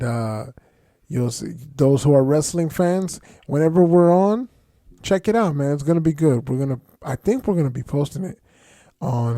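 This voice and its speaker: A man with a New Jersey accent co-hosting a podcast in relaxed, slangy chat. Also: on the high side, vocal fry, no echo, clean studio sound. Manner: laid-back, slangy and chatty. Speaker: podcast co-host. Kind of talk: casual chat.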